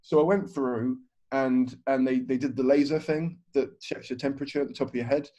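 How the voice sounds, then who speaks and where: A man's voice: mid-range voice, steady tone, a little fast, mellow. A man, a stand-up comedian telling a story on a podcast, swearing freely and acting out other people's lines. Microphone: video call. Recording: dull, lo-fi video call audio.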